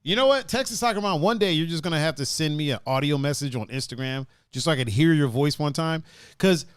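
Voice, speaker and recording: A man's voice: on the high side, animated, fast talker, clear, resonant tone, dry recording, clean studio sound. A man from hosting a casual chat, laid-back, swearing and laughing often. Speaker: host.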